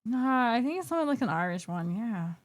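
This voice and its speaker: While painting miniatures live, this young UK woman keeps up a casual, giggly chat full of self-mockery. Her voice is fairly high, very animated, and fairly quick.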